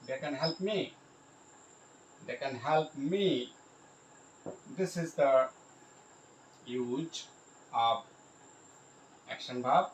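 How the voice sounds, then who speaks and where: A man teaching English grammar, repeating each example sentence slowly and addressing his viewers directly. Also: medium pitch, echoey room, highs cut off, slight background noise. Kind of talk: grammar lesson.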